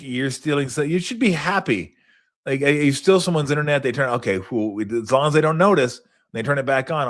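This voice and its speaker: A middle-aged man hosting a sports talk show, rambling casually and cursing, sometimes acting out people in high mocking voices. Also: a bit bright. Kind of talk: casual solo rambling recap.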